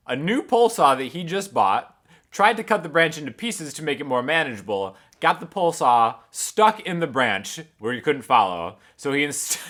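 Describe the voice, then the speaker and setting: A man hosting a guitar channel, casually telling an animated story and chuckling often. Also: on the high side.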